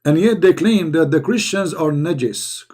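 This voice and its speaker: A hoarse man giving heated commentary in halting non-native English, firing rhetorical questions as he reads texts aloud. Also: a little high, expressive, darkish tone. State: hoarse, losing his voice. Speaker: online commentator. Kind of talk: polemical commentary while reading texts aloud.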